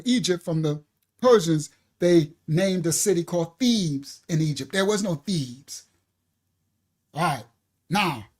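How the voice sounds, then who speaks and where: A ministry teacher gives a livestream lesson, reading aloud from slides and breaking off to talk straight to viewers. The delivery is animated and emotional, with outbursts of laughter and apologies. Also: mid-range voice. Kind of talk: livestreamed Bible-history lesson.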